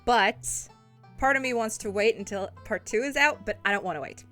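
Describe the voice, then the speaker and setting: A woman's voice: on the high side, normal speed, bright, forceful tone, soft background music. A young adult woman casually talking through a story game as a streamer, chatty, swearing and laughing often. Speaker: let's play streamer.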